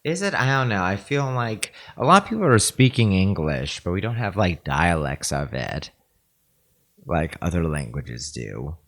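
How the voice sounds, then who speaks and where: Low-pitched dude on a podcast, dry deadpan jokes, chill chat. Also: male voice, normal speed. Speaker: podcast co-host. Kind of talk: casual chat.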